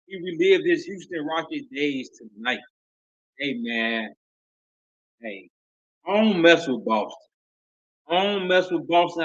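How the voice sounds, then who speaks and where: A man hosting a nightly sports talk podcast, ranting loudly with repeated lines and sudden shouts. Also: fairly high pitch, highs cut off. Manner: loud, repetitive hype with sudden shouts.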